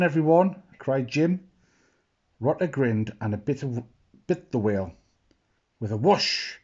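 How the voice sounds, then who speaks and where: Guy reading a kids picture book aloud, slow and expressive, kinda muffled lo-fi sound. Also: medium pitch, breathy edge. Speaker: storyteller.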